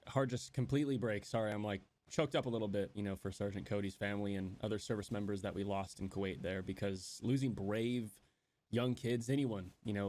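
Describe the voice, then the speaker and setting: A man's voice: fairly low pitch, a little mellow. A man giving earnest, somber political commentary.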